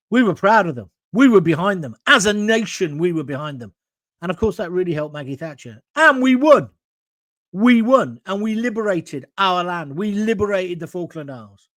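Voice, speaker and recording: An English man in his sixties hosting his own talk show, blunt and combative, with wide swings in pitch. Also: a bit bright, no echo. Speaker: show host. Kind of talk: opinionated solo talk show. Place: home studio with green screen.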